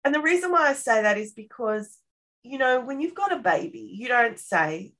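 A woman with a slightly high-pitched voice talks through parenting ideas in a relaxed interview. She is animated and often ends her points with a quick "right?" to check in with the listener. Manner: animated, acts out parent-child dialogue; frequent tag questions. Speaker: parenting expert guest. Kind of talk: casual interview explanation.

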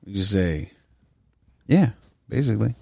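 A man with a somewhat low voice banters loosely on a podcast, swearing and laughing as he riffs. The sound is dry and close, with no room echo. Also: animated, slow, vocal fry, mellow. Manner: joking, profane, laughs often. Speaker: podcast co-host.

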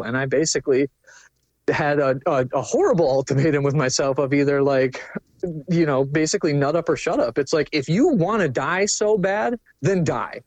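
A man's voice: a little high, normal speed, a little mellow, no room sound. A young man telling a personal story candidly, casual and profane, with lots of fillers. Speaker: guest.

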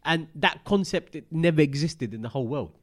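A man's voice: fairly high pitch, fairly quick. A man co-hosting a casual chat, telling stories with enthusiasm. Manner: enthusiastic, animated storyteller. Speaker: co-host.

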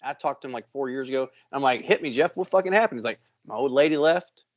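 Profane animated storyteller man, lo-fi. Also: medium pitch, quick pace. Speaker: podcast co-host. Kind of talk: casual storytelling.

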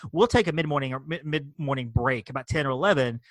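A man's voice: medium pitch, quick pace, fairly bright tone, no echo. A middle-aged man co-hosting a podcast, chatting casually and rambling enthusiastically, with many restarts and fillers. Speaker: podcast co-host. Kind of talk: casual chat.

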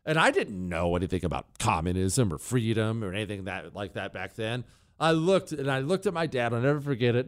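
A man in his forties hosting a solo talk radio show, ranting sarcastically and mocking with bursts of laughter. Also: medium pitch.

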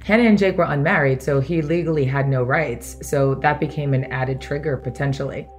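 A woman co-hosting a podcast who clearly explains the legal points to a guest. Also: a bass voice, brisk, darkish tone. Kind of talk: conversational interview.

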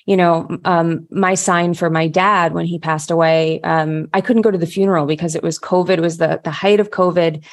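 A woman hosting a casual talk, telling a story from the heart. Her voice sits somewhat low, and she circles back and restarts her sentences as she goes. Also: fairly even intonation, moderate pace, hardly any pauses. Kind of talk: casual conversation.

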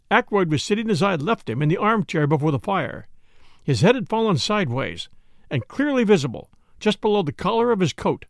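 Gravelly, expressive male audiobook narrator. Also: a little high, no echo, studio quality. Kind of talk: first-person mystery narration.

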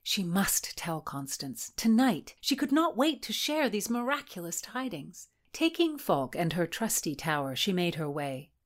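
A woman narrating a historical novel in a measured, expressive reading voice. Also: on the low side. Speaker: audiobook narrator.

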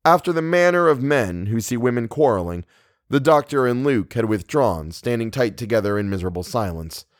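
Storybook narrator dude, measured reading, super dry mic. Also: male voice, mid-range voice, lively intonation, no room sound. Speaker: audiobook narrator. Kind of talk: scripted narration.

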